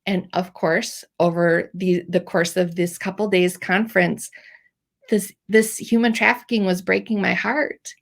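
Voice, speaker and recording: A woman's voice: on the low side, steady tone, a little slow, gravelly. A middle-aged woman telling a personal faith story as a podcast host, emotional and teary at times, with many fillers. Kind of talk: personal testimony.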